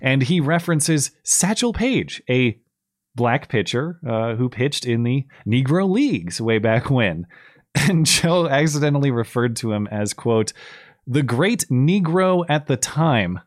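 Animated sarcastic male podcast host. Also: mid-range voice, a little slow, no echo, studio quality. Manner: sarcastic, animated, laughs while talking. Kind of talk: casual political commentary.

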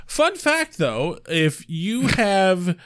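A wry podcast co-host summarizing an episode at an unhurried pace. The delivery is dry, but the pitch rises and falls freely. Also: sing-song, a bit bright, clear, resonant tone. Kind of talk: casual chat recapping a TV episode.

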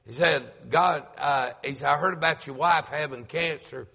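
A man's voice: fairly high pitch, normal speed, vocal fry, pushed and bright, husky, long reverb tail. A middle-aged man, a pastor telling a story in a sermon, acting out the voices he quotes and repeating lines for emphasis. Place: church sanctuary.

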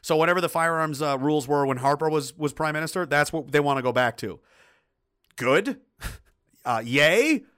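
Middle-aged guy ranting on his stream, swears a lot, bright punchy voice, keeps restarting sentences. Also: a little high, lively intonation, normal speed, clear, resonant tone. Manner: blunt and profane, heated outbursts; rambling with frequent restarts. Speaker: livestream host reading viewer chat. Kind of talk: casual ranting commentary.

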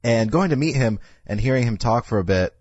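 A man co-hosting a podcast, chatting casually and laughing as he talks through a fantasy book series with halting restarts. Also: medium pitch, lively intonation, darkish tone, breathy edge, no room sound, highs cut off. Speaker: podcast co-host. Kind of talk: casual chat.

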